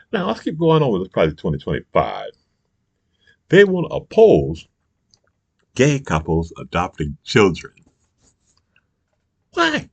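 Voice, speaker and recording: A man's voice: mid-range voice, gravelly, no room sound. A man delivering an angry, profane political rant, emphatic and repetitive, constantly asking if the listener understands. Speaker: political commentator.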